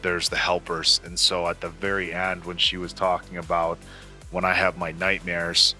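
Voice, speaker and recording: With faint music in the background, a man in his forties hosts a movie reaction at normal speed in a low, monotone voice that sounds pushed and bright. His talk is casual and earnest, peppered with fillers and restarts.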